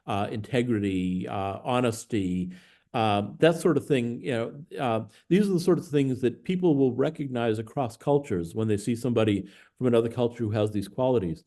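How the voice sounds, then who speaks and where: American guy, mellow voice, chatting on a podcast, lots of uhs and ums as he thinks. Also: mid-range voice, moderate pace. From United States. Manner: thoughtful, with many filler sounds. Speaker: guest, professor of Buddhist studies. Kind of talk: conversational storytelling.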